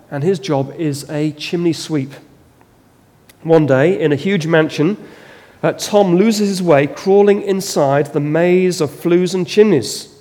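A man preaches a sermon with a somewhat raised pitch, leaning into a story at a very slow, deliberate pace. His voice rings out through a large hall with long reverb. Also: mellow. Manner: slow, dramatic storytelling delivery.

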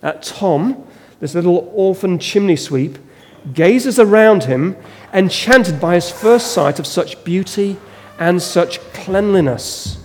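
Male preacher, slightly high voice, unhurried dramatic storytelling, big reverberant hall. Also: lively intonation, a little mellow. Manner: slow, dramatic storytelling delivery. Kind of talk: sermon. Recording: long reverb of a large hall.

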